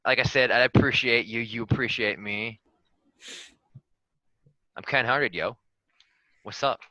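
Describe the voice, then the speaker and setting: A man's voice: mid-range voice, measured pace, sharp tone, no room sound, rough recording. A man doing a swaggering joke candidate. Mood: cocky. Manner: boastful, swaggering, crude jokes. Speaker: player giving a joke campaign speech. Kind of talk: comedic in-character campaign speech.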